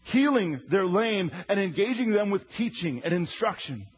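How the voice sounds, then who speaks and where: Male pastor, thirties, sermon, humorous animated storytelling, high voice, slightly muffled recording. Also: normal speed, slightly rough.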